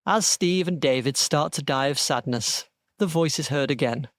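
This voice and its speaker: Deadpan man reading a comic story. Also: on the high side, normal speed, no room sound, clean studio sound. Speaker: podcast co-host.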